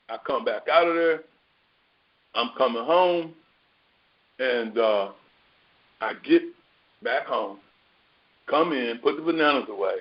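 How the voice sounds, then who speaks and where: A man giving a casual, storytelling sermon as a spiritual teacher, colloquial and animated, acting out his own dialogue. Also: mid-range voice. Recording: dull lo-fi recording.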